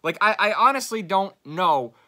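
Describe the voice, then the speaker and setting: Bright-voiced young man rambling frustratedly. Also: high voice, lively intonation, moderate pace. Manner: casual and frustrated, heavy swearing, frequent fillers. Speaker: YouTuber. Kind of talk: unscripted rambling monologue.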